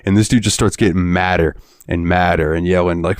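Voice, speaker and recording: A Florida podcast co-host speaks in a low, steady voice at a fairly quick pace, telling a rambling story in casual chat while laughing and swearing freely. The sound is clean studio quality with no echo.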